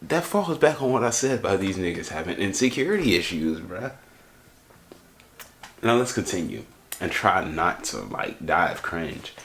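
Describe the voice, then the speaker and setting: A man's voice: deep voice, very animated, moderate pace, a bit bright, a little hiss or hum. A young man doing comedic reaction commentary, ranting in slangy, exasperated bursts that often stammer and restart. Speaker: YouTube roast commentator.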